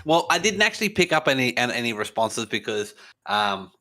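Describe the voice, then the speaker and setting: A man's voice: medium pitch, sing-song, fairly quick, sharp tone. A man co-hosting a casual podcast, teasing his co-host and laughing often.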